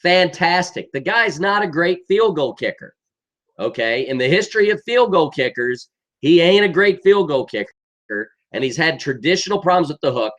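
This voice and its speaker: A man's voice: on the high side, expressive, normal speed, fairly bright tone. A middle-aged man giving an exasperated, emphatic football rant, often tagging sentences with "okay?". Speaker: sports commentator.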